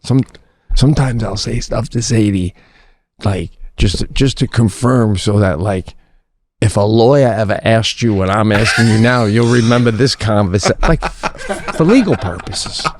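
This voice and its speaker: A man's voice: on the low side, moderate pace, dry recording. A middle-aged man co-hosting a podcast, telling stories in casual chat with frequent laughter. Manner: laughing, animated storytelling. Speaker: podcast co-host.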